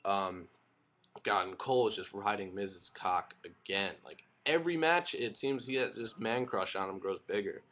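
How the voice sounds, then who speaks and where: A young man with a fairly low voice recaps a wrestling show in a loose, rambling way. He is opinionated and sprinkles his talk with fillers and self-corrections. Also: moderate pace, fairly bright tone. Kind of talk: casual spoken recap and review.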